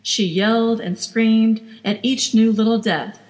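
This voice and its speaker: A woman reading a story aloud in an even, steady way. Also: on the high side, a little slow, long reverb tail. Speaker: narrator.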